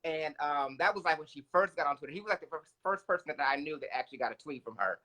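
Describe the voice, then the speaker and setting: A man with a fairly high, bright, forward voice co-hosts a casual talk show. He talks reflectively and conversationally. His topics lean spiritual. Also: fast. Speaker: co-host.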